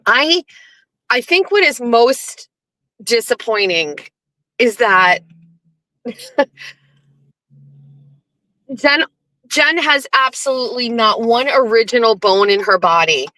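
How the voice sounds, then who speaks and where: A woman hosting her own show, ranting in a sarcastic, mocking way and sometimes breaking into yelling. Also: fairly high pitch, expressive, slow pace, pauses often, dry recording, rough recording. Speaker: show host. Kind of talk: casual ranting monologue.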